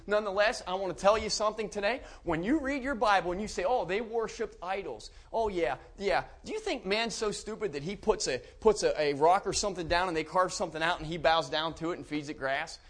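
Man, preacher, high voice, emphatic, restarts words, church sermon. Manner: emphatic, rising to loud preaching.

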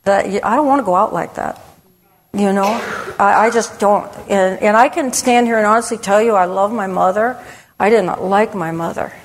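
A woman's voice: medium pitch, normal speed. A middle-aged woman giving a candid personal testimony to a church audience, conversational and frank, with many restarts. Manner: candid, conversational, with frequent restarts and "you know". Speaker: women's ministry speaker. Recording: long hall reverb.

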